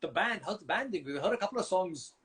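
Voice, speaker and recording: A relaxed, friendly man from India, chatting as a guest on a video call. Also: sits high, fast talker, slightly rough. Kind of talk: casual livestream chat.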